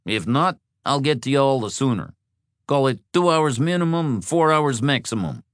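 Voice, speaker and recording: A man voicing a friendly, energetic male mechanic who talks with light, helpful concern. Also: lowish voice, unhurried, no echo, clean studio sound.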